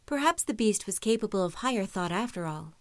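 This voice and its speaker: A woman's voice: medium pitch, animated, brisk, no echo. Woman reading a story, dry close sound. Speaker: narrator. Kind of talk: audiobook-style story reading.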